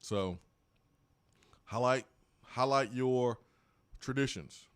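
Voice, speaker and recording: A man's voice: medium pitch, slow pace, smooth, no room sound. A man hosting a live sports talk show, casual and opinionated, talking into a studio mic.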